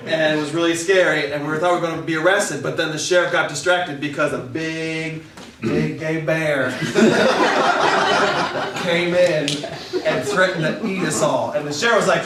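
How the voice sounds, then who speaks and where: A man's voice: on the high side, a little slow, noisy background. A man improvising an absurd comic story about a slide show, rambling and often laughing at his own lines. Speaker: comedian. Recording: very echoey room, far from mic.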